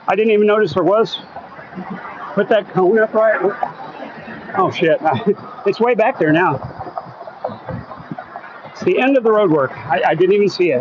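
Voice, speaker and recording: A man's voice: high voice, muffled recording, noisy background. A man from Oklahoma chatting casually on a live stream while walking outdoors at night, reading viewer comments aloud and joking about what he sees. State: a bit out of breath walking uphill. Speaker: vlogger reading live chat. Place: outdoors on a residential street at night.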